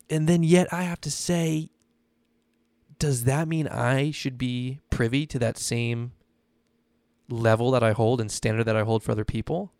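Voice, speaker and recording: Man, podcast host, casual Bible teaching, gravelly voice, dry sound. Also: on the high side, normal speed, no echo. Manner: conversational, often adds "right?".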